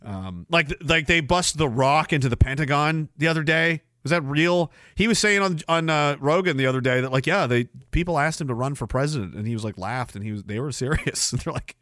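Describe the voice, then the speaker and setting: A man's voice: a little high, animated, fairly quick, hardly any pauses, a bit bright, no room sound, clean studio sound. Brash, sarcastic Canadian man ranting. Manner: crude, sarcastic, rambling, with frequent restarts. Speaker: livestream host. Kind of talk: casual ranting livestream monologue.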